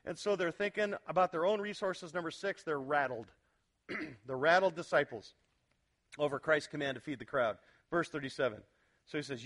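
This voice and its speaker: Animated high-voiced male pastor preaching. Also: fairly quick. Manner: animated, emphatic, asks the congregation questions. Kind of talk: expository sermon.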